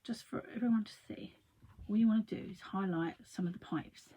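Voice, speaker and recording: A woman's voice: medium pitch, brisk, mellow, a little hiss or hum. A woman in her thirties chatting to viewers while she demonstrates a craft project live. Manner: chatty, friendly, talks to viewers and reads their comments.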